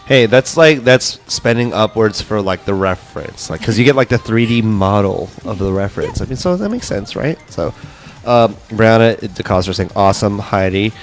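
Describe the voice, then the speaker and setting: A man's voice: on the low side, moderate pace, faint music behind. A man hosting a studio interview live stream, upbeat and chatty, reading out viewer comments. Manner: upbeat, reads chat comments aloud. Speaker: host.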